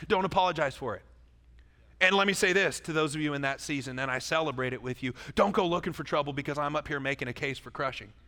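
Bright-voiced preaching man. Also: fairly high pitch, long reverb tail. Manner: lively and joking, with asides to the congregation. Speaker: pastor. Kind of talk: sermon. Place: church.

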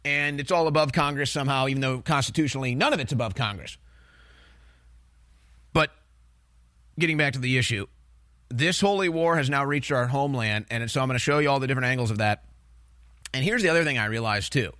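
A man's voice: mid-range voice, fairly quick, pauses often, sharp tone, no echo, studio quality. A man hosting a political talk show, delivering heated commentary in an emphatic, ranting way that repeats phrases and restarts sentences.

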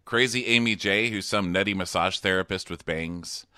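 A man's voice: deep voice, moderate pace, sharp tone, clean tone, no room sound, clean studio sound. A man co-hosting a podcast, chatting sarcastically about a TV show and laughing often. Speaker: podcast co-host. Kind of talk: casual chat recapping a TV show.

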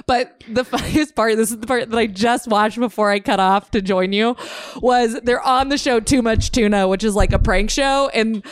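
A woman's voice: fairly high pitch, normal speed, clear, resonant tone, no echo, studio quality. A woman chatting casually as a podcast co-host, full of fillers and restarts and laughing as she tells a story. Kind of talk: casual chat.

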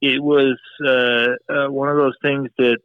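A man's voice: medium pitch, little pitch movement, measured pace, clear, resonant tone, no echo, phone-quality sound. A man talking casually as a podcast guest, rambling and leaning on "you know" as he explains his fly tying. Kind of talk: casual interview chat.

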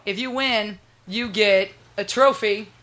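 Young woman co-host, bright tone, blunt and profane in casual talk. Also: mid-range voice, slow. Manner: blunt, profane, heated opinions. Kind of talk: casual chat.

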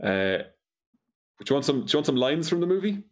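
A man with a fairly high, mellow voice and wide swings in pitch talks at a normal pace. As a podcast co-host, he recaps a film in dry, incredulous fashion, laughing a lot during the relaxed comedic chat.

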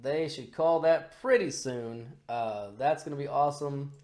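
A man hosting a podcast in casual, crude, excitable talk that rambles along with fillers. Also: medium pitch, unhurried. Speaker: podcast host. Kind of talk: casual political chat.

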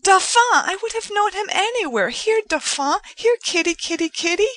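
A woman's voice: high-pitched, lively intonation, measured pace, a bit bright, no echo, pitched above the performer's own voice. A woman voicing a delighted young woman who coos and gushes in a sing-song way. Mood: cooing. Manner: breathless, sing-song cooing. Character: gushing young woman, delighted, cooing at a cat.

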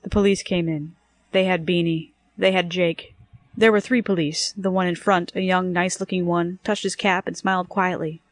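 A woman narrating a first-person story in a brisk, wry storytelling manner. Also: fairly low pitch, flat delivery, vocal fry. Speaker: audiobook narrator.

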